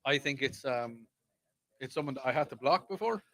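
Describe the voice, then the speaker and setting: A man co-hosting a casual podcast, playful and quick to argue back. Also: medium pitch, animated, a bit bright, dry recording. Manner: playful and defensive. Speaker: podcast co-host. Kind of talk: casual chat.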